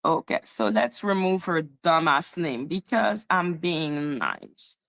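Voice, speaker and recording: A woman's voice: low-pitched, sing-song, takes it slowly, gravelly, a bit bright. A woman hosting a casual livestream, profane and taunting as she talks to her chat. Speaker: livestream host.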